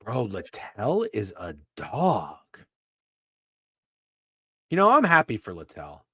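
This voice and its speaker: Brief: male betting-podcast co-host, lively swooping delivery, cussing, dry close mic. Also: lowish voice, slow pace, husky, no room sound. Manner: profane, animated, rambling. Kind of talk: casual sports betting chat.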